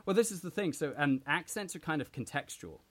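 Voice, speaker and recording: A man's voice: a little high, animated, fairly quick, fairly bright tone. A young British man raised partly in America, with a mixed British and American accent, chatting as a podcast guest and explaining at length with many fillers. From Britain, raised partly in the US. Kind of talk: casual chat.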